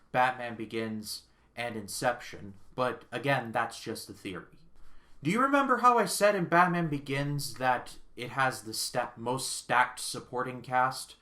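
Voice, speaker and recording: Man, movie review vlog host, bright tone, enthusiastic, joking asides. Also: mid-range voice.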